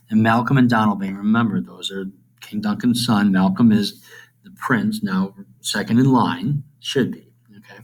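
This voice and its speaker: A man's voice: on the low side, moderate pace, poor audio. A man teaching, summarizing a play for students in a casual, rambling way, full of fillers and asides.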